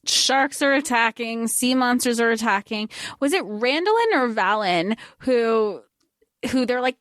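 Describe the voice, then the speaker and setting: A woman co-hosting a casual book podcast, excitedly retelling scenes and quoting the characters. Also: on the high side, unhurried, no echo, clean studio sound. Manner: excitable, jumps in to retell scenes with quoted lines. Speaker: podcast co-host.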